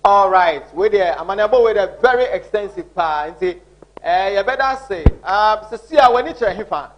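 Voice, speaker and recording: A Ghanaian man hosts live election call-ins with a high, bright-sounding voice. He talks to callers in a loud, chatty, informal way. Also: expressive, normal speed, dull audio, slight background noise. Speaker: studio news host.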